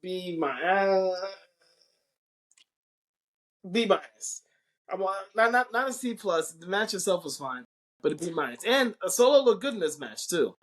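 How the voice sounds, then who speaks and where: A man co-hosting a podcast, animated and opinionated, often restarting his sentences while grading matches. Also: high-pitched, normal speed, long pauses. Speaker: podcast co-host. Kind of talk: casual wrestling review chat.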